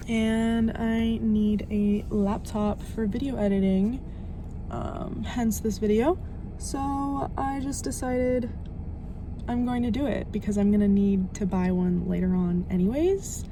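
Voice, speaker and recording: A woman's voice: mid-range voice, noisy background. A young adult woman chatting in a bubbly, gushing way for a casual vlog, outdoors at a shopping mall. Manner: bubbly, gushing, lots of "like" and "oh my gosh". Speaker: lifestyle vlogger.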